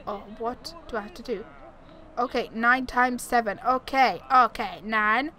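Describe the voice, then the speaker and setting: A woman's voice: on the high side, moderate pace, pushed and bright. A woman giving casual let's-play commentary, talking to herself and exclaiming as she plays, with game audio behind her. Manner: chatty, exclaiming, talks to herself while playing. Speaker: gaming YouTuber. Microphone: desktop USB mic.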